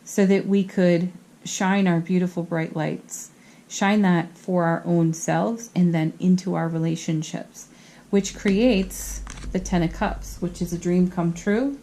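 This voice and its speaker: A woman doing a tarot card reading, earnest and gentle, tired, often giggling at herself. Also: on the low side, fairly even intonation, slow pace, slight background noise. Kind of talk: spiritual card reading to camera.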